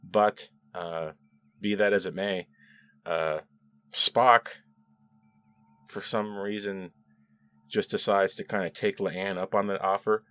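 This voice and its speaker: A man's voice: sits low, steady tone, takes it slowly, long pauses, a bit bright, clean tone, soft background music. A man giving a casual solo review of a TV episode, chatty and sarcastic, now and then quoting dialogue in mocking voices.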